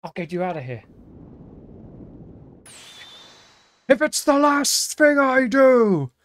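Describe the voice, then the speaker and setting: A man's voice: big pitch swings, moderate pace, a bit bright, slight background noise, full character voice. A man doing a heroic superhero dog. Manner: booming superhero delivery. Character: loyal little dog, heroic and eager.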